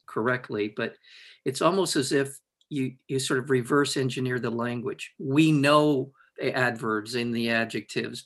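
A man interviewing a guest, asking questions in a halting way and rephrasing them mid-sentence. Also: medium pitch, a bit bright.

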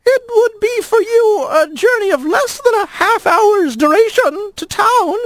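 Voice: animated, unhurried, no room sound, exaggerated voice. A storyteller voicing a timid, fussy male lizard who talks in a wobbly voice with stiff, overly proper words in a radio story reading. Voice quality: wobbly, high. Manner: pompous, overly proper wording. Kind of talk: audio drama reading.

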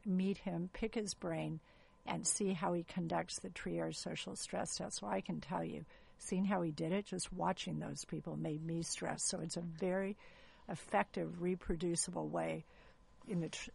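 A woman's voice: lowish voice, vocal fry, darkish tone, husky. A woman gynecologist explaining earnestly as a guest in an interview.

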